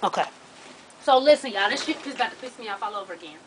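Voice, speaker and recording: A woman with a drawl tells her viewers a story in an animated, profane way. Her voice is highish and bright. She sits a bit back from the mic, with faint room noise behind her. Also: fast, distant mic, low-quality recording. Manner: profane, animated, laughs while telling. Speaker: vlogger.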